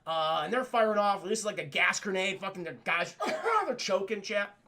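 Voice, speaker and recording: His voice sits high and is very animated, moving at a normal speed with a sharp tone. It's casual live-stream commentary: a man reviewing a cartoon, profane and rambling, repeatedly speaking to his chat.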